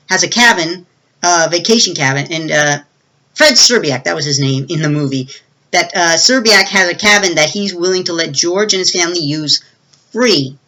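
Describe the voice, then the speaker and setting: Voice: mid-range voice, bright, forceful tone, rough recording. A movie reviewer giving a casual, rambling plot recap with many fillers and restarts.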